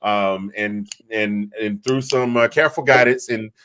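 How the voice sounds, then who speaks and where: A man's voice: on the low side, fairly even intonation, unhurried, fairly bright tone, smooth. Rambling, storytelling man. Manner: rambling, storytelling, many restarts. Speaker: podcast co-host. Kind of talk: casual chat.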